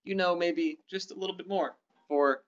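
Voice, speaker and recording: A man's voice: high voice, moderate pace. A man co-hosting a gaming channel, chatting casually and enthusiastically about game news with many ums and restarts. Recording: dull lo-fi sound.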